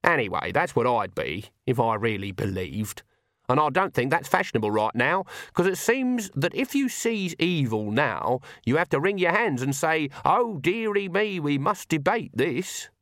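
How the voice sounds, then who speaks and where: A man's voice: medium pitch, animated, unhurried, no echo, voice pushed up. A stern old witch , as a male narrator puts her on, preaches hard and blunt in a raised, pointed voice. She sounds like a fierce countrywoman from a storybook, and the reading is close and dry. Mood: quieter. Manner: forceful, preaching, sharp rural speech. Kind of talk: audiobook character voice.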